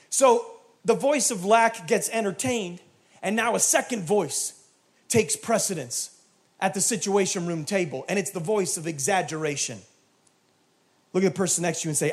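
A man with a notably high voice preaches a sermon from a church. His delivery is animated, and he swings into shouted peaks before dropping back to quieter asides. He acts out short back-and-forth conversations as he goes. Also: normal speed. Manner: animated, builds to shouting climaxes, acts out dialogue. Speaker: pastor.

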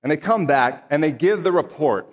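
A man's voice: a little high, expressive, moderate pace, long reverb tail, muffled recording. A man reading scripture aloud and then preaching in an earnest, conversational way with emphatic asides. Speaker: pastor.

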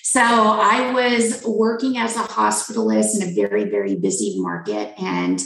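A woman's voice: mid-range voice, moderate pace, slight background noise. A middle-aged woman physician, a guest in an interview, frankly and emphatically telling a personal story. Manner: frank, animated, emphatic repetition. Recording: roomy echo.

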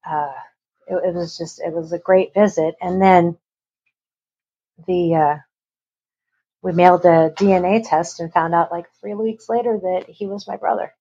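A woman's voice: lowish voice, steady tone, measured pace, long pauses, warm tone, slightly rough. A middle-aged woman, an interview guest, tells a personal story in a rambling way and acts out the voices of the people she quotes. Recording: dull lo-fi recording.

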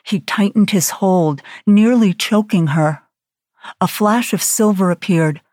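Female audiobook narrator, steady dramatic thriller read, dry sound. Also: medium pitch, unhurried, no echo.

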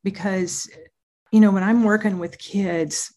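A woman speaking as a child therapist and parent coach in an interview, talking in an animated, earnest and emphatic way. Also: mid-range voice, measured pace. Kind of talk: interview conversation.

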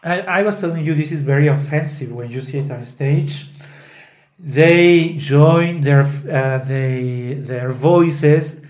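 A man with a somewhat high, slightly mellow voice speaks at a slow pace, hosting a podcast that explains an opera. He retells a scene loosely and informally with many fillers, quoting lines in Italian and English, in a roomy, echoing space.

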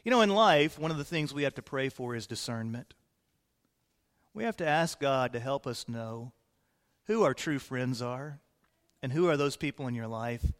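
A man's voice: medium pitch, animated, moderate pace. A man pastor preaching a sermon, explaining scripture verse by verse in an earnest manner. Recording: long hall reverb.

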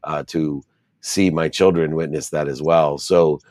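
A man's voice: a bass voice, steady tone, measured pace, a little mellow, no echo, studio quality. A middle-aged man, an interview guest, telling his life story in an earnest, reflective way and stacking repeated phrases.

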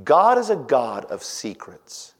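A middle-aged man preaching a sermon, swinging from loud emphatic lines to hushed, near-whispered ones and quoting scripture in old-fashioned wording. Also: mid-range voice, huge pitch swings, slow pace. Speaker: pastor. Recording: long hall reverb.

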